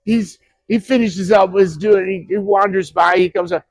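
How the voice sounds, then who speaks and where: A man around sixty telling stories from his acting past in an interview, animated and quick to act out what others said. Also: high-pitched, dry recording. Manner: animated, acts out quoted voices, frequent restarts. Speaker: actor guest at a horror convention. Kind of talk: anecdotal interview storytelling. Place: convention interview.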